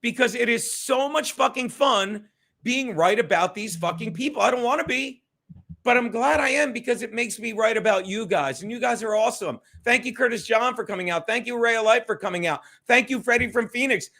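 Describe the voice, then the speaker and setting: A man's voice: very high voice, a little fast, sharp tone. A man hosting a livestream, ranting profanely about critics and thanking viewers by name. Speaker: livestream host.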